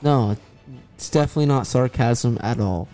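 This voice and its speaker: A man's voice: mid-range voice, moderate pace, mellow, faint music behind. Sarcastic young man hosting sports chat. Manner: sarcastic, playful banter. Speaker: podcast host.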